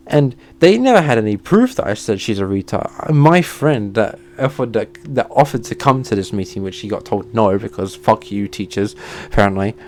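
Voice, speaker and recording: A man telling a heated storytime rant, swearing often and flaring into shouted outbursts before sighing and calming down. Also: on the low side. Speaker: channel host. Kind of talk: ranting storytime monologue.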